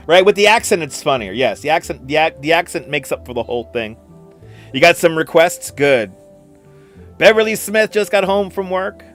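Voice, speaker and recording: A middle-aged New York man talks loosely to his live-stream viewers, circling back over the same phrases and laughing as he goes. His voice sits a little high for a man. Faint music plays under him. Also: expressive, moderate pace, a bit bright. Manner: rambling, repeats phrases, laughs often. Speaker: livestream host. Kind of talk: casual live-stream chat reading viewer comments. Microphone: computer streaming setup.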